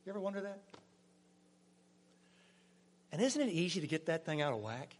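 A man preaching a sermon as pastor, swinging from loud emphasis to hushed, near-whispered lines. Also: on the high side, very animated, racing, slight background noise. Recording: long hall reverb.

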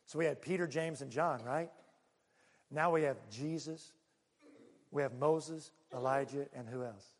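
A male pastor preaching a sermon, moving from loud bursts to hushed asides. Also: medium pitch, measured pace, big-room sound. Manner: animated, swinging from loud exclamations to hushed asides.

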